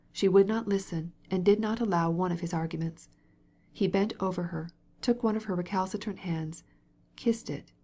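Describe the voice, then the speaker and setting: A woman narrates a classic novel in a measured, even storytelling voice. Her tone is somewhat low-pitched and steady, suited to a long audiobook reading. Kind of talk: scripted narration.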